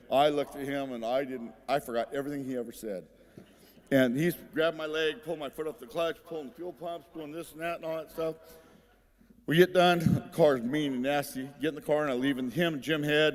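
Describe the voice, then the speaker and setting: A middle-aged man giving a rambling, humorous acceptance speech, telling stories in a folksy way and laughing at his own jokes. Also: mid-range voice. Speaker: hall of fame inductee giving a speech. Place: large ceremony hall. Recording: long hall reverb.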